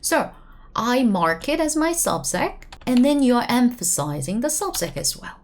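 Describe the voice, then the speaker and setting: A woman with a Korean accent, a language teacher explaining grammar in a chatty video lesson, often checking in with "right?" and rattling off quick example sentences. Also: fairly high pitch, big pitch swings, a little hiss or hum.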